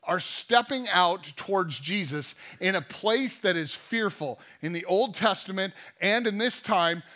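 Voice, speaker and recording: A man's voice: sits high, unhurried. A man pastor giving a sermon, telling stories with playful, jokey asides. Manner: lively storytelling with jokey asides.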